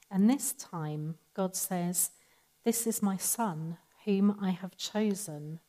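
A woman giving a sermon in a calm, measured, conversational teaching manner. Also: medium pitch, low-quality recording. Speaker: preacher.

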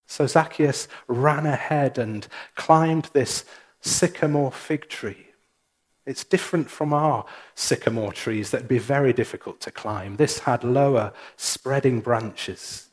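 A male minister delivering a sermon in a slow, deliberate cadence. His voice sits at an ordinary middle pitch, and he leaves room between phrases. He speaks in a church. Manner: slow, measured preaching with pauses.

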